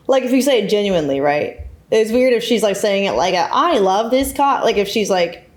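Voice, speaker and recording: A woman's voice: mid-range voice, lively intonation, moderate pace, a little mellow. A woman streamer in casual chat, giving blunt and frank advice to a caller and giggling now and then.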